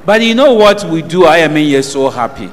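Ghanaian guy preaching, call and response, voice up high and swinging all over, echoey hall. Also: very animated, a little fast. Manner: call-and-response preaching, asking the congregation questions. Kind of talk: sermon.

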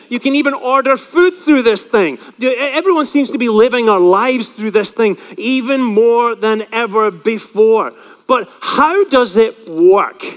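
A man's voice: very high voice, big-room sound. A male pastor preaching a chatty sermon, often asking the congregation questions.

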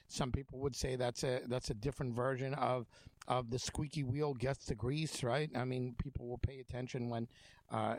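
A man's voice: mid-range voice, no room sound. A man hosting a talk show, telling stories in a rambling, conversational way with many fillers and restarts. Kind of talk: casual conversation.

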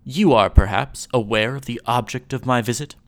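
A man's voice: medium pitch, normal speed, lightly acted. A man reading a scheming sullen suitor. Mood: formal.

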